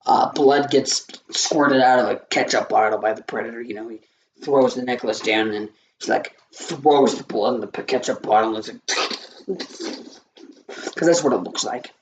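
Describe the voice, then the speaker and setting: A man's voice: medium pitch, moderate pace. A man with a scratchy voice giving a rambling, easily distracted movie review, swearing often. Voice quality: scratchy, gravelly voice.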